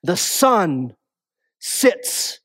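A man preaching a sermon as pastor, moving between raised, urgent passages and quiet, low, drawn-out ones. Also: very animated, no room sound, clean studio sound.

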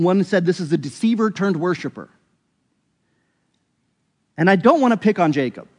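A man's voice: fairly high pitch, a little mellow, in a large hall. A man preaching a sermon, earnest and explanatory, often correcting himself mid-thought as he walks through a scripture passage. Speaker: pastor.

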